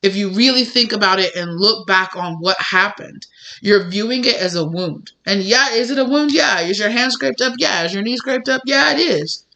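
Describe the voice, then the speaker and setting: A woman's voice: mid-range voice, animated, normal speed, sharp tone. A woman giving a spiritual tarot reading, talking in a rambling, conversational way full of fillers and little acted-out dialogues. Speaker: tarot reader.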